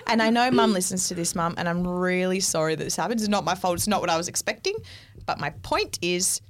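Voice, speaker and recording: A young woman, co-hosting a podcast and telling a story in a casual, animated, exasperated way, swearing freely. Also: lowish voice, fast. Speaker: podcast co-host.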